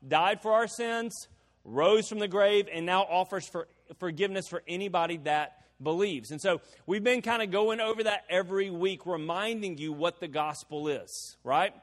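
A man's voice: high voice, moderate pace. A man preaching a sermon as pastor, in a conversational way, often asking the crowd rhetorical questions. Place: church hall. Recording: long hall reverb.

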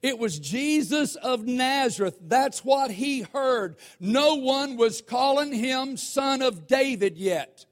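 A man preaching a sermon, asking the congregation questions and slowing down to stress scripture. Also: extremely high pitch, lively intonation.

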